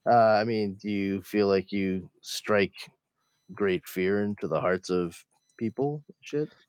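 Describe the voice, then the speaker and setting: A man's voice: on the low side, unhurried, darkish tone, clean tone, no room sound. Male podcast host, casual chat, rambling and laughing, dry video-call sound. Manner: rambling, many restarts and laughs.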